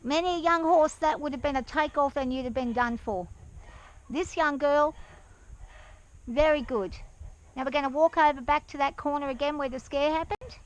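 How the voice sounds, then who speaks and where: A woman talking softly and calmly to her horse as she rides it outdoors around a farm yard, with an action camera worn while riding. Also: high voice, normal speed, muffled recording. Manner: soft, soothing coaxing of a horse. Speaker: horse rider and farm owner. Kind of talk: riding vlog narration.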